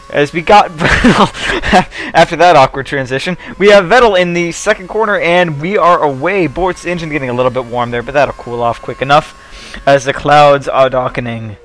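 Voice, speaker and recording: A man's voice: mid-range voice, a bit bright. A young man giving casual, rambling commentary over a racing video game, joking and swearing as he goes. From United States.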